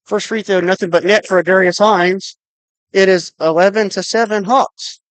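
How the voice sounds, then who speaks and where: An adult announcer calling a high school basketball game on radio, with rapid, clipped calls of each pass and shot and the clock counted down aloud. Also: fairly even intonation, dry recording, low-quality recording. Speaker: play-by-play announcer.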